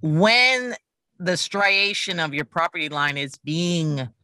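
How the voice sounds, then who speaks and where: A podcast guest with a very bright, sharp, forceful voice, recorded dry and close with no room sound. The talk is blunt and emphatic, full of swearing, with quick acted-out bits of dialogue. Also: mid-range voice, expressive, dry recording. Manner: fast bursts, acts out quick mock dialogue. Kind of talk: casual podcast chat.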